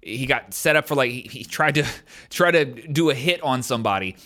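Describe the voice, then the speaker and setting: With lively intonation and a pushed, bright mid-range voice, a man in his thirties talks at normal speed as he tells a personal story to camera. It's loose, conversational storytelling filled with "like."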